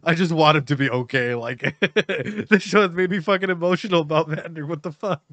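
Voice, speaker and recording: A man's voice: fairly high pitch, brisk, fairly bright tone, no echo. A man giving casual reaction commentary as a streamer, emotional, laughing often and swearing.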